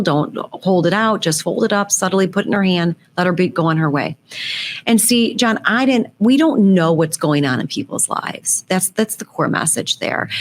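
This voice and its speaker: Earnest woman telling a faith story. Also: fairly low pitch. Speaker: guest, business founder and CEO. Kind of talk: conversational storytelling in a podcast interview.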